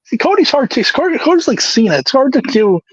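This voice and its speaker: A man's voice: extremely high pitch, very animated, fairly quick, dry recording, muffled recording. A man co-hosting a casual podcast, joking around and slipping in and out of impression voices. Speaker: podcast co-host. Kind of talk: casual chat with wrestler impressions.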